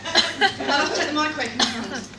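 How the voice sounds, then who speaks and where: A woman's voice: sits high, quick pace. A woman doing live stand-up in a coffee shop, telling her story with self-mocking humour. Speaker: stand-up performer. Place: coffee shop performance space. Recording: echoey room, distant mic, loud background noise.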